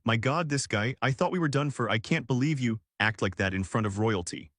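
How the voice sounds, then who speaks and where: A man's voice: medium pitch, a little fast, a bit bright, dry recording, studio quality, close to an everyday voice. A man voicing an earnest, loyal young knight who speaks cautiously but firmly.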